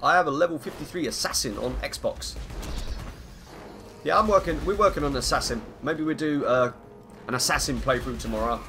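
A man with a croaky voice chatting through live gameplay commentary, greeting viewers and humming between lines. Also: a little high, normal speed, pushed and bright, a little hiss or hum. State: hoarse, croaky voice. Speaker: game streamer. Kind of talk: live gameplay commentary, reading chat aloud.

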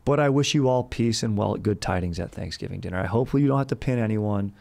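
Young male podcast host, low gravelly voice, rowdy and jokey, bursts into shouts. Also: fast. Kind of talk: comedic history podcast.

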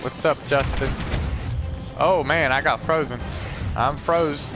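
A man's voice: a little high, slow. Chatty man streaming over game music. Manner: chatty, reads viewer comments aloud and reacts to the game. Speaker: live streamer host. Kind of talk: casual live gameplay commentary.

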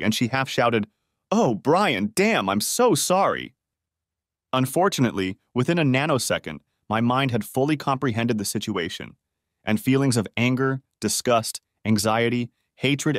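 A man narrating a first-person story in a steady storytelling manner, close to the mic. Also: mid-range voice, no echo.

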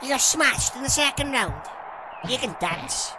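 Foul-mouthed British woman yelling at a boxing game. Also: sits high, expressive, a little slow, background noise. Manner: foul-mouthed, shouting insults at the screen. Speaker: gamer. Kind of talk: let's play commentary. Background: game music.

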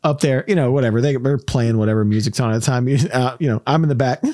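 A man from Tennessee hosting a podcast, telling a rambling, animated story and laughing often. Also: mid-range voice, quick pace, dry recording, studio quality. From Tennessee, USA. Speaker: podcast host. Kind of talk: casual storytelling chat.

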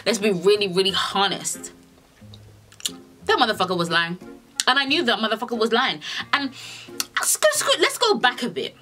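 A young woman tells a storytime in an animated, sassy way, and her pitch swings widely as she acts out both sides of the conversation. Her tone is bright and forward. Faint music plays under her voice. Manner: animated and sassy, heavy swearing, acts out dialogue. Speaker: vlogger. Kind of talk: storytime vlog.

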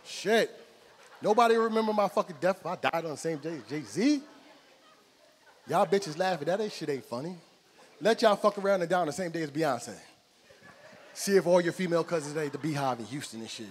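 A man doing a profane stand-up comedy set, loud and animated, telling stories on a comedy club stage. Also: on the high side, fairly quick, long pauses. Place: comedy club stage before a live audience. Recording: live room with long reverb, crowd noise.

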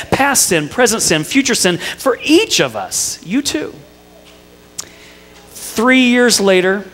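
A man's voice: on the high side, a bit bright, big-room sound. A middle-aged male pastor preaching a sermon, telling family stories with playful asides to the congregation. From Indiana. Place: church sanctuary.

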